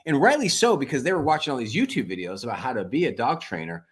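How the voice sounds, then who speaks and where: A man's voice: medium pitch, quick pace, breathy edge. A man in his forties, a family coach, telling rambling stories in a casual interview and leaning on "like" a lot. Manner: rambling, animated, heavy use of "like" and "freaking". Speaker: family coach, podcast guest.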